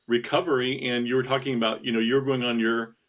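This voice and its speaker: A man speaks as a guest in an online interview, sincere and determined. His voice sits in a middle pitch, and he talks with small restarts. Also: little pitch movement, quick pace, fairly bright tone. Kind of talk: interview storytelling.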